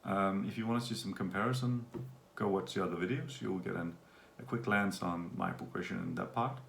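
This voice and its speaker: In a rambling, casual video update, a Danish vlogger talks a little fast in a low, gravelly voice, using fillers as he goes. The sound comes from an echoey room with faint ambient hum in the background.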